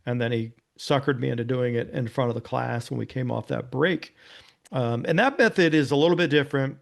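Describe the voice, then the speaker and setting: Speaking fairly quickly in a gravelly, medium-pitched voice, a man who was once a police officer and now founded a nonprofit shares a personal story as an interview guest. He sounds earnest and casual, frequently tossing in "you know" and "right?"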